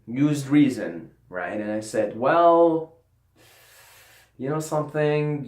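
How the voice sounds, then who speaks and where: Guy telling a story on his channel, swears a lot, keeps repeating himself, echoey room. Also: medium pitch. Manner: profane, ranting, repeats himself. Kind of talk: casual storytelling monologue. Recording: roomy echo.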